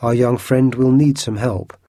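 A man reading a storybook, voicing a calm and wise older swordsman. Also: mid-range voice, no echo, clean studio sound, natural voice. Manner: calm, measured.

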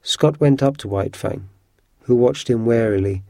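A man reading a children's adventure story aloud in a steady, measured way. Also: medium pitch, no room sound, clean studio sound. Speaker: narrator.

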